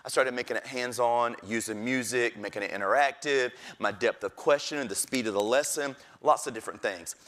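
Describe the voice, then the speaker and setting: A middle-aged man, a teacher, telling stories from his classroom with lively delivery and acting out the voices of kids and his principal. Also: mid-range voice, brisk, few pauses. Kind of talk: storytelling talk.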